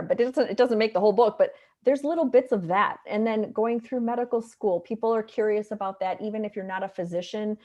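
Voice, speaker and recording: A middle-aged woman speaks with a Wisconsin accent and a nasal tone, her pitch sitting in the middle range. She talks in a chatty, upbeat way as a guest in a remote interview. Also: darkish tone, lo-fi sound. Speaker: guest, physician and author. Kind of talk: casual interview talk.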